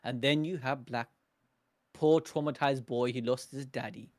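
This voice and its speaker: A man hosting a live manga reaction, reading the panels aloud and breaking in with slangy, excitable asides and frequent laughter. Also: medium pitch, normal speed. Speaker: anime reaction streamer.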